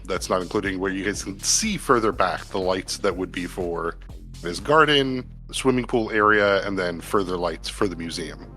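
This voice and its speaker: Man game master, lowish bright voice, relaxed descriptive narration, soft music bed. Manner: descriptive, relaxed scene-setting with fillers.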